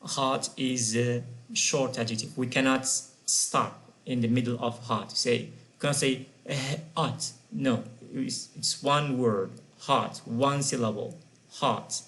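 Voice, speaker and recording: A man's voice: mid-range voice, steady tone, takes it slowly, a bit bright. A man teaching an English grammar lesson, patiently repeating and spelling out example words.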